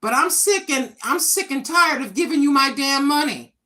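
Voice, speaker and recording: Blunt, bright-voiced woman in her sixties. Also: sits high, animated, normal speed. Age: 60s. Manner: blunt, frustrated, swearing freely. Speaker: livestream host. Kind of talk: casual livestream venting.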